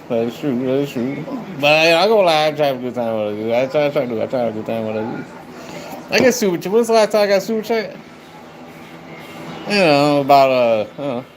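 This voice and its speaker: A man chatting on a live stream, rambling and swearing as he talks to his viewers. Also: mid-range voice. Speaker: livestreamer. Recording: noisy background.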